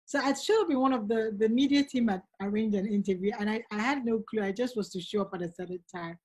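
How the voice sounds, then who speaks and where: Husky-voiced woman telling stories. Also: a little high, fast, darkish tone. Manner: earnest and storytelling, acts out quoted voices. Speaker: guest author. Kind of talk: casual conversation.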